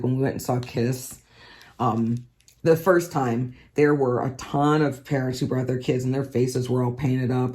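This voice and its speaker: Hoarse woman chatting casually. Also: rumbling low, mellow. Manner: rambling, lots of ums and likes. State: hoarse, scratchy throat. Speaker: craft vlogger. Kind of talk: casual chat.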